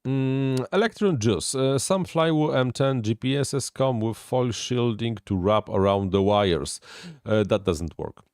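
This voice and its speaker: A man who is not a native English speaker, hosting a casual live stream and answering viewer questions with halting technical explanations. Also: medium pitch, expressive, a little mellow, no room sound, studio quality.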